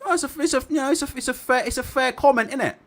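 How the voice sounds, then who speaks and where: A man hosting a casual livestream, reading viewer comments aloud and chatting about them in an animated way. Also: extremely high pitch, rapid-fire. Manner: animated, repeats tag questions. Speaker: boxing livestream host.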